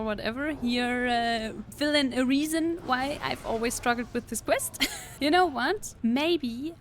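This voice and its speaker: Young woman host, a touch higher voice, relaxed playful game commentary with light laughs. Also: slight background noise. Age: young adult. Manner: chatty, playful, laughs often. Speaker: gaming video creator. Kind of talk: casual gameplay commentary.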